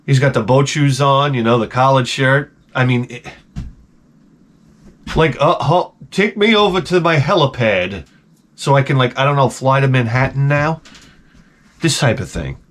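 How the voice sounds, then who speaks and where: A man's voice: mid-range voice, normal speed, pauses often. A man, telling a profane, rambling story in a casual vlog. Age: 40s. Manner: animated, profane, repeats himself. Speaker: vlogger.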